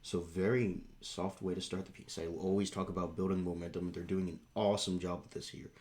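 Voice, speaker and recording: A man reacting to a song and explaining music terms, counting beats aloud and singing snippets in a rough morning voice. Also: sits low, level tone, brisk, darkish tone. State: morning voice, rough on high notes. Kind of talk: casual reaction and music analysis.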